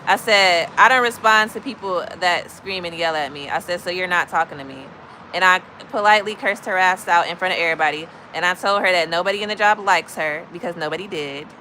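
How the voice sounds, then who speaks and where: A woman from Chicago tells blunt, gossipy stories to her livestream chat in a bright, forceful voice. Her delivery is animated and casual, speaking into a phone mic with faint outdoor traffic noise behind her. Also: lowish voice, poor audio. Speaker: livestream host. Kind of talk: casual storytelling to live chat.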